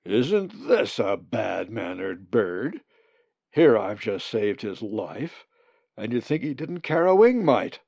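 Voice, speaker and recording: A man voicing a big male raven with a deep, formal, old-fashioned and pompous way of talking, for an audiobook. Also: lively intonation, takes it slowly, creaky, dark tone, no echo, muffled recording, full character voice. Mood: indignant. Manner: old-fashioned, pompous, booming when angry.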